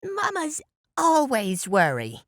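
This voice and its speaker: A woman's voice: high voice, wildly swooping pitch, slow, fairly bright tone, dry recording, clean studio sound, voice pushed up, full character voice. A narrator voicing a pushy, chatty middle-aged woman, a building super's wife, who speaks with a thick accent and scolds in a motherly way. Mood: scolding.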